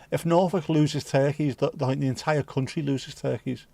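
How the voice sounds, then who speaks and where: A man's voice: fairly high pitch, level tone, moderate pace, gravelly, hardly any pauses, dark tone, dry recording. A man with a Liverpool accent hosting a livestream, chatting casually and jokily with viewers, swearing freely. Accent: Liverpool (Scouse). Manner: jokey, rambling, swears freely. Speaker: livestream host. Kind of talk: casual chat reading viewer comments.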